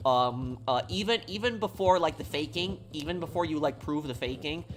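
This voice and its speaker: There's slight background noise as a man from New York, USA, voice a little high and pace normal, chats casually with live-stream viewers. He answers their questions mid-game, rambling and somewhat apologetic.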